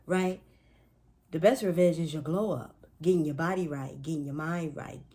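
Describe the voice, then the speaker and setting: A woman's voice: sits low, moderate pace, dark tone. A woman talking casually to viewers in a spiritual pep talk, chatty and emphatic, with playful asides and speech. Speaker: astrology and spiritual reader.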